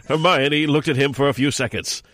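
A man's voice: medium pitch, fairly bright tone, dry recording. A man hosting a podcast, reading text aloud for comedy with mock drama and often breaking into laughter. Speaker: podcast host.

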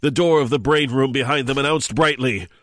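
A man's voice: mid-range voice, brisk, fairly bright tone. A man hosting a podcast, reading text aloud for comedy with mock drama and often breaking into laughter. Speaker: podcast host.

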